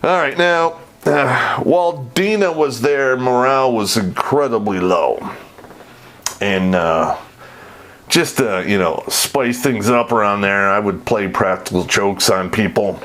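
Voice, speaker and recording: A man's voice: lowish voice, a little slow, fairly bright tone, a little hiss or hum. A middle-aged man telling army stories in a casual, profane, laid-back way, often laughing as he talks. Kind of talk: casual storytelling.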